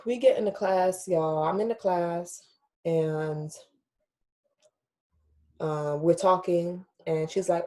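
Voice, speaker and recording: A woman's voice: on the low side, fairly even intonation, takes it slowly, long pauses, dark tone. Candid, emotional woman podcast host. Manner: candid, emotional, swears freely, addresses listeners as y'all. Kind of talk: casual storytelling chat.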